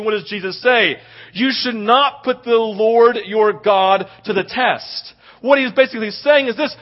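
High-voiced animated man preaching. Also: moderate pace. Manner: animated, acts out scenes in quoted voices. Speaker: pastor. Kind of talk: sermon. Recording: dull lo-fi audio.

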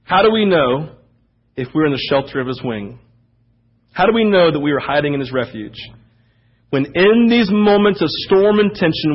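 A man preaching a sermon, animated and swinging between loud emphasis and hushed asides. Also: a little high, husky, highs cut off.

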